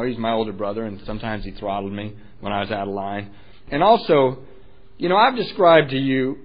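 A man's voice: mid-range voice, lo-fi sound. A man candidly telling his own recovery story, self-deprecating and wryly funny. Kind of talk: personal storytelling talk.

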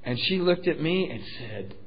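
A middle-aged man telling his recovery story at a meeting, animated and joking, acting out voices in the story. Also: on the high side, normal speed, breathy edge. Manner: animated storytelling, acts out voices, laughs at own jokes. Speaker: AA speaker sharing his story. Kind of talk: personal recovery talk at a meeting. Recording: dull lo-fi recording.

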